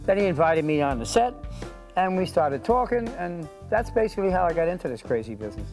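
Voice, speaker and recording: A man telling rough, rambling, profane stories in a casual interview. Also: fairly high pitch, sing-song, fast talker, a little mellow, rough recording. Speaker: interviewee, film extra. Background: background music.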